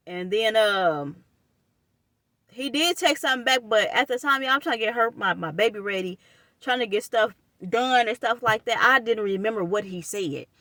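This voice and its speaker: A young woman, telling a personal story to her viewers in an animated, casual way and calling them y'all. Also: fairly high pitch, dry recording, clean studio sound.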